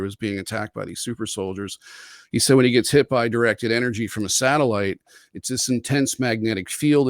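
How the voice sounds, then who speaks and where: A man's voice: on the low side, no echo, studio quality. Earnest rambling man in his forties. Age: 40s. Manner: earnest, rambling, with restarts and blunt swearing. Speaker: guest. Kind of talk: casual first-person storytelling.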